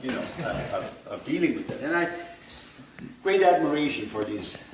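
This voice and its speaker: An older man from Nova Scotia teaches a language workshop in a loose, anecdotal way, with plenty of fillers. His mid-pitched voice comes from off the mic in an echoey room. A faint hum sits underneath. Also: sing-song, moderate pace, far from the mic. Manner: digressive and anecdotal, with frequent fillers and chuckles. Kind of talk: informal classroom lecture.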